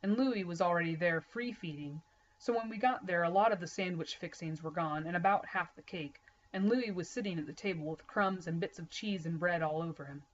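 Low-voiced woman reading a story aloud. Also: brisk, lo-fi sound. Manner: steady, plain narration with small slips. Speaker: reader.

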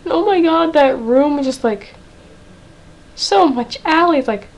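Teen girl, high voice, rambling and excitable, casual webcam vlog. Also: a little slow, pauses often, poor audio. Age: teens. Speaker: fan vlogger.

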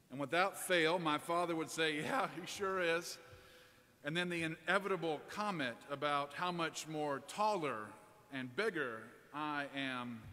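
A man preaching a sermon in a church, telling a personal story in a relaxed, conversational way. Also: fairly high pitch. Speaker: priest preaching. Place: large church. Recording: long church reverb.

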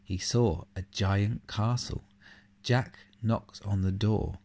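A man reading a picture book aloud to a child, adding questions and comments between the pages, and speaking softly and tenderly at the end. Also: on the low side, takes it slowly, gravelly. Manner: animated reading with asides and questions to the listener; soft and tender in closing words. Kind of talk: storybook read-aloud to a child.

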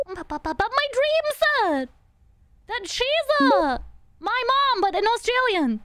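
A playful young woman streamer chats through a game, humming little sound effects. Her voice sits very high and bounces around with lively pitch. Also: unhurried, noisy background. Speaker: VTuber streamer. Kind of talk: live gameplay commentary.

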